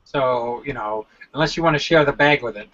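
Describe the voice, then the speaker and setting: A man's voice: medium pitch, fairly quick, fairly bright tone. A man playing a tabletop role-play game over voice chat, dropping wry, joking asides. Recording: dull lo-fi voice chat.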